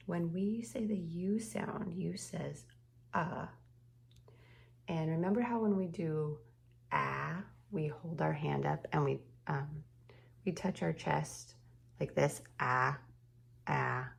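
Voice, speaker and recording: A woman teacher giving a slow phonics lesson to young children, patiently stretching out each sound and word. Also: low voice, creaky.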